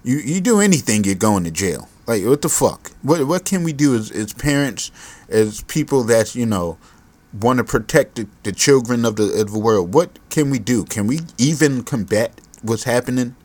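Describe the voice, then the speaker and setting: A man's voice: medium pitch, expressive, moderate pace, a little mellow. A man hosting his own podcast, ranting on his own in a profane, exasperated, rambling way; he is a parent. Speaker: podcast host. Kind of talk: solo podcast rant.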